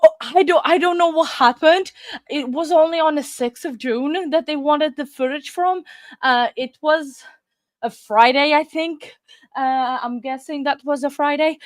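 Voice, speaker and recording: A woman's voice: sits high, lively intonation, a little slow, dry recording, clean studio sound. A woman hosting a true crime channel, out of breath and flustered, rambling to her viewers with nervous laughs. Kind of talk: casual chat to viewers.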